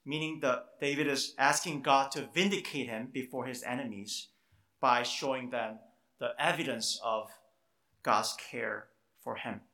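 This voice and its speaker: A man's voice: medium pitch, fairly even intonation, a little slow, bright, forceful tone, echoey room. A man preaching a sermon, earnest and emphatic, often repeating words as he stresses a point. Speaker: pastor.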